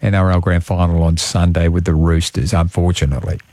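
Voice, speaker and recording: An Australian man hosting morning radio, cheerful banter with quick agreements and chuckles. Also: deep voice, level tone, dark tone, no echo. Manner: cheerful, chuckling, short affirmations. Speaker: radio host. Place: radio studio. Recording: music playing under the voice.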